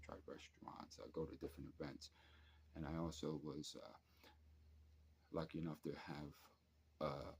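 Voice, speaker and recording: Low-voiced man rambling and swearing. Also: breathy edge. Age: 30s. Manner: rambling, profane storytelling with many fillers. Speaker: vlogger. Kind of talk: casual late-night rant. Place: at home at night, drinking and smoking.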